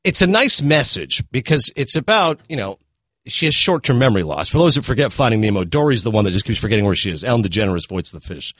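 A man reviewing films in a casual chat, animated and retelling scenes with quick asides. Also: mid-range voice, no echo, studio quality. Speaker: film critic.

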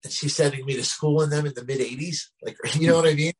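Middle aged guy, kinda husky voice, rambles a lot with you know what i mean. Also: fairly high pitch, fairly even intonation, fast, rough recording. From New Jersey, US. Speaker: guest. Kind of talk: casual storytelling.

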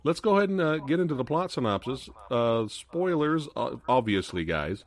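A man's voice: medium pitch, sing-song, normal speed. A man hosting a live podcast, casual and chatty, laughing often and reading out viewer comments. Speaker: podcast host.

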